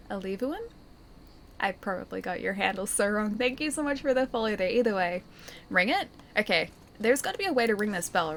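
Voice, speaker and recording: A woman's voice: medium pitch, fairly bright tone, slight background noise. A woman streaming a game live, chatting playfully with her viewers and joking as she plays. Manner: playful, chatty, jokey asides.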